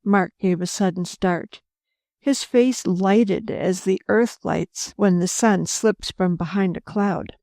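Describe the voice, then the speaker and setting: Slow, measured woman audiobook narrator. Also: medium pitch, a little mellow, no echo, studio quality. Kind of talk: scripted narration.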